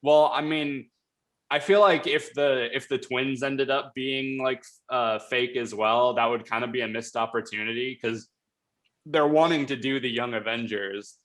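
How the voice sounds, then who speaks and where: A man hosting a casual episode review, talking quickly in a rambling way with lots of fillers and restarts. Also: medium pitch, fairly even intonation. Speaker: show host reviewing a TV episode.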